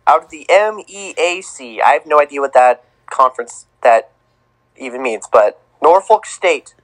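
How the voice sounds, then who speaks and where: A man's voice: medium pitch, expressive, normal speed, a bit bright, poor audio. A man co-hosting a casual sports podcast, announcing tournament teams in a playful, sing-song way. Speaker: podcast co-host.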